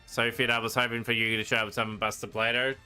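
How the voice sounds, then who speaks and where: A man casually commenting while he streams a card game, rambling and trailing off into quiet asides. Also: mid-range voice, flat delivery, racing. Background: game music.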